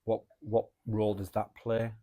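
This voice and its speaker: A man co-hosting a reflective podcast, thinking out loud and often closing his points with rhetorical questions. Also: fairly low pitch, monotone, normal speed. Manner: musing, asks rhetorical questions. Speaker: podcast co-host. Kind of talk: reflective casual chat.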